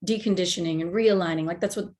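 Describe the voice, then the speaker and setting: A woman's voice: fairly low pitch, fast, a little mellow. A woman hosting a podcast, effusive and reflective in her replies. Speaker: podcast host. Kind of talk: conversational interview.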